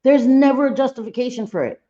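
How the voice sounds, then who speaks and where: A woman's voice: sits high, quick pace, mellow, highs cut off. A woman hosting a live reaction stream, talking bluntly and profanely and getting fired up.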